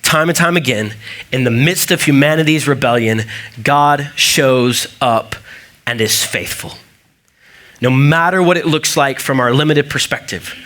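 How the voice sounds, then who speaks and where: A man's voice: fairly high pitch, fairly bright tone. A man preaching a sermon as pastor, talking casually, telling stories with asides and fillers. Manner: conversational, storytelling with asides and fillers.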